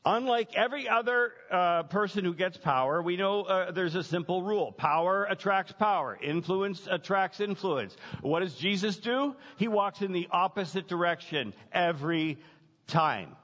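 A man preaching a sermon as pastor, emphatic, building points through repetition and dramatic pauses. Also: high-pitched, lively intonation, a bit bright. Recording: dull lo-fi sound with long hall reverb.

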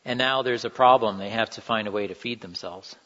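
A man's voice: lowish voice, a little fast, pushed and bright. A man giving an earnest, conversational sermon. He acts out the quoted lines with feeling. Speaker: preacher. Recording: dull sound in a reverberant hall.

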